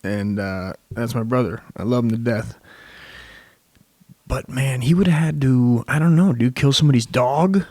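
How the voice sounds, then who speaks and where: A man's voice: mid-range voice, moderate pace, a little mellow, dry recording. A young man hosting a comedy podcast, rambling through a crude, profane monologue full of swearing.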